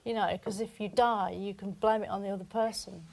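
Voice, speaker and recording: A woman's voice: mid-range voice, fairly even intonation, brisk, creaky, darkish tone, slight background noise, rough recording. A woman, a comedian guest on a podcast, telling stories in a dry, understated way. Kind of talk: casual podcast chat.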